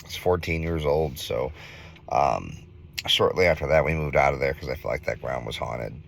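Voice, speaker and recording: Man, 30s, from Minnesota, deep voice, earnest, casual vlog storytelling, lots of fillers. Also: moderate pace, creaky. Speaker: vlogger.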